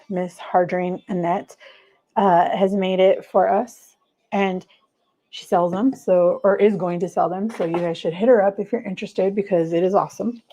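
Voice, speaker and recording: A woman's voice: medium pitch, mellow, low-quality recording. A middle-aged woman chatting casually on a home livestream, rambling and talking to viewers by name while she makes coffee. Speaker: livestream host.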